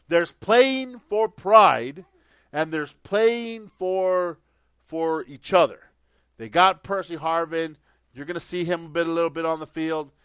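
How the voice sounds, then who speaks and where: Clear-voiced man giving football picks. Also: fairly high pitch, a bit bright, no echo. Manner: rambling, many fillers and restarts. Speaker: podcast host making football picks. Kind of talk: casual sports picks commentary.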